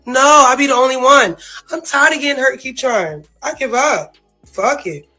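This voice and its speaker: A woman's voice: high voice, normal speed, bright, forceful tone, soft background music, rough recording. A woman in an emotional, profane, casual rant about family, often saying "you feel me" and near tears. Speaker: sister speaking out.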